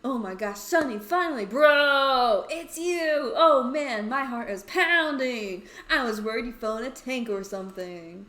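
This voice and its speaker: A woman voicing an excitable young boy classmate who talks loudly and giddily in a game. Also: mid-range voice, brisk, hardly any pauses, echoey room, natural voice. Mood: overjoyed. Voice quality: loud and giddy.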